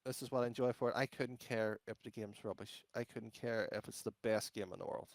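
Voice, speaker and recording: A man's voice: fairly low pitch, fairly even intonation, fairly quick, no echo. A man with an Irish accent, an esports caster chatting bluntly in an interview, rambling with many fillers and restarts. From Ireland. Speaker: esports caster, podcast guest. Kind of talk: casual interview chat.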